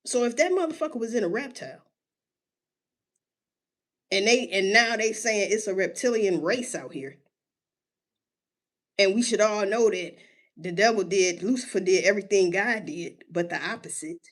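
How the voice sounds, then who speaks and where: Animated, swearing woman ranting casually. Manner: animated, profane, street slang, rhetorical questions to listeners; drawn-out emphasis on words, sudden pitch jumps. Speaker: solo commentator. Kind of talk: casual rant.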